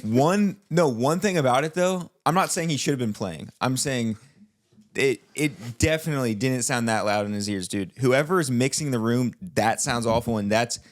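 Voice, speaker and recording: A young man co-hosting a casual podcast, with a voice of ordinary middle pitch. He talks animatedly and often breaks off to restart his sentences. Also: moderate pace, no room sound. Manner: animated, restarts mid-sentence, critiquing a church band clip. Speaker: podcast co-host. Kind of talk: casual chat.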